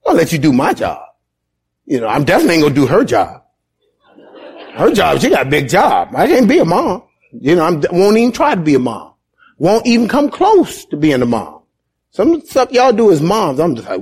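A man preaching a sermon as pastor, conversational and repetitive, rising into shouted emphasis. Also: on the high side, sing-song, normal speed, husky.

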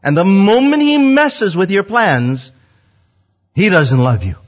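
A middle-aged man preaching a sermon, retelling scripture with animated storytelling and acted-out quotes. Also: high-pitched, slow. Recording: dull lo-fi sound.

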